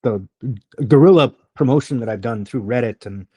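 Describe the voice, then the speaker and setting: A man's voice: medium pitch, normal speed, dark tone, husky. A man hosting his own channel, talking casually and rambling with restarts. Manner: rambling, restarts mid-sentence. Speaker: channel host. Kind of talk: casual chat.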